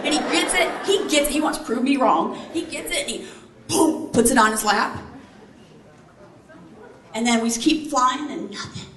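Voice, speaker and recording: A woman's voice: sits high, moderate pace, pauses often, a bit bright, some chatter behind. A middle-aged woman giving a speech to a live audience, telling a story animatedly and quizzing her listeners. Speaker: keynote speaker, former Army helicopter pilot. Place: large room before a live audience. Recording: echoey hall, faint ambience.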